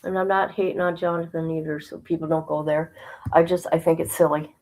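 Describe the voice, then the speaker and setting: A woman's voice: sits low, level tone, brisk, darkish tone, poor audio. A woman hosting a casual livestream, chatting colloquially, reading viewer comments aloud and laughing often. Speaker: livestream host.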